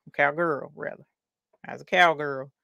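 A woman's voice: deep voice, fairly even intonation, normal speed, gravelly, pushed and bright, no room sound, highs cut off. A woman with a Southern US country accent, chatting folksily while hosting a craft livestream. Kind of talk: casual livestream chat.

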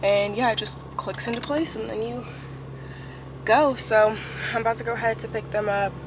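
A woman's voice: a little high, fairly even intonation, moderate pace. Young woman, casual mom vlogger, filler-heavy chat, roomy echo, noisy background. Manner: chatty, full of "like" and "um" fillers. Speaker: vlogger and mother of a newborn. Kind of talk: casual home vlog with product review. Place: at home, moving between rooms and the car. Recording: echoey room with clear background noise.

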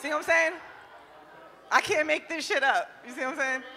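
Brash young woman comic, high bright voice, loud and profane, club reverb. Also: a little fast. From New Jersey. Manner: brash, profane and loud, laughing at her own jokes. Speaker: stand-up comedian. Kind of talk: stand-up comedy set. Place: comedy club stage.

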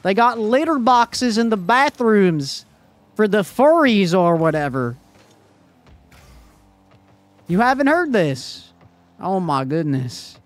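A man's voice: high voice, big pitch swings, a little slow, soft background music, pitched above the performer's own voice. A man putting on the voice of a gullible, alarmed conspiracy theorist, mocking him with exaggerated outrage. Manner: loud, exaggerated mock outrage.

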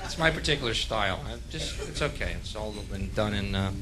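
Profane ranting comedian with a drawl. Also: male voice, on the low side, expressive, brisk. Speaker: stand-up comedian. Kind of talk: live stand-up set.

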